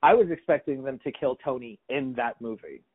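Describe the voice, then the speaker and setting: Male podcast host, mid pitch, loose rambling storyteller; tinny phone-like audio. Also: a little fast, husky. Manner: rambling storyteller, many restarts and quoted voices. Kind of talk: casual chat.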